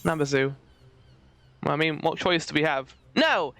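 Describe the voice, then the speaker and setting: A woman giving playful, excitable let's-play commentary between reading game dialogue aloud. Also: deep voice, measured pace, soft background music. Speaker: game streamer.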